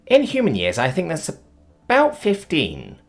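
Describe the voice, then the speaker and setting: A man's voice: fairly high pitch, wildly swooping pitch, moderate pace, voice pushed up. A man voicing an eager, enthusiastic young female alien who speaks with a strong accent.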